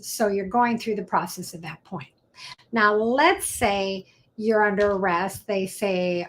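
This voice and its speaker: Chatty woman attorney, middle-aged. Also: mid-range voice. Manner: chatty, animated, acts out quoted exchanges. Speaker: defense attorney. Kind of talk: casual explainer talk.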